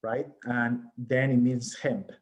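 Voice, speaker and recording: A man's voice: medium pitch, little pitch movement, slow pace. A man presenting research in an academic lecture over a video call, explaining step by step and often checking in with the audience.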